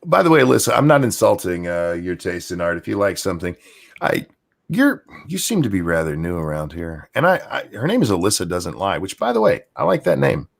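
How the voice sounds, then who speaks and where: Crude, rambling tipsy man with gravelly low voice. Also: big pitch swings, fairly quick. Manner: crude, rambling, teasing, drinking while talking. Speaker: show host. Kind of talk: casual late-night stream chat.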